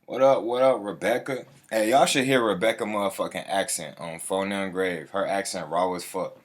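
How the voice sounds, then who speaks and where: Low-voiced man greeting his livestream viewers. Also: fairly even intonation, moderate pace. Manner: slangy, repeats catchphrases, shouts out viewers by name. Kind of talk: casual livestream chat.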